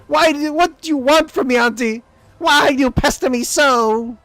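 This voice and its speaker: A man's voice: very high voice, normal speed, sharp tone, no room sound, pitched above the performer's own voice, heavily acted. A man voicing a small, timid halfling hero who pleads in a frightened, childlike way. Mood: pleading.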